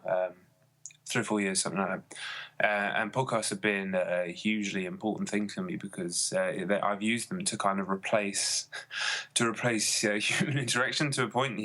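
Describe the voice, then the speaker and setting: A man's voice: fairly low pitch, sharp tone. A man co-hosting a podcast, chatting casually and enthusiastically with many fillers. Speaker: podcast co-host. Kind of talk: casual chat.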